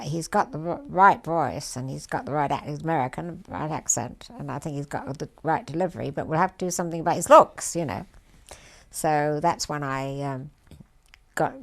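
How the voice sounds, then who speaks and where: An older woman recalling a production in an interview, measured and hesitant. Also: sits low, vocal fry. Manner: measured, many fillers. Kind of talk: reflective interview recollection.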